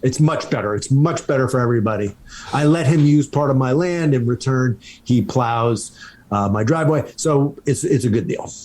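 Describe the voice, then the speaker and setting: A man's voice: mid-range voice, moderate pace, darkish tone, slight background noise. A man appearing as a comedian guest on a podcast, telling rambling anecdotes in casual chat.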